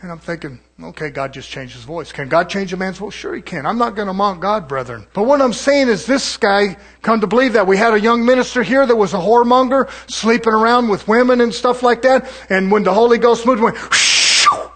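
A man's voice: high-pitched, fairly quick, few pauses, a bit bright. A man, a pastor, preaching a folksy, conversational sermon and sometimes mimicking other preachers.

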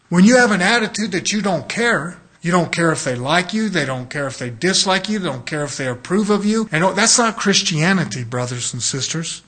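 A man's voice: sits high, fairly bright tone. A man preaching a sermon as a pastor, in a conversational way, often acting out the voices of people he quotes.

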